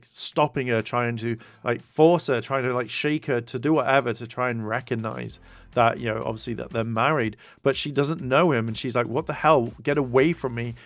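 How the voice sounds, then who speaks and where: A man's voice: mid-range voice, a bit bright, no echo. A man recapping a TV episode in a casual, rambling way, full of fillers and restarts. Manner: rambling, many fillers, acts out quotes. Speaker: TV show reviewer.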